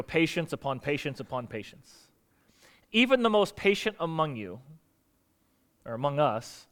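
Man, pastor, sermon, rhetorical questions, high voice, smooth and clear. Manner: animated, rhetorical questions, acts out quotes.

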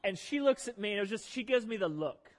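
Man, pastor, high voice, animated joking sermon, long hall reverb. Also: fast. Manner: animated, joking, self-deprecating. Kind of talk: humorous sermon storytelling. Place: church sanctuary.

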